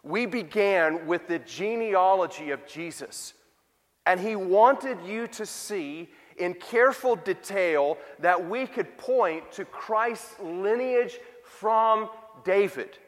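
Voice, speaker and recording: Male pastor, high pitch, conversational sermon delivery with rhetorical questions, long hall reverb. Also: lively intonation, slow.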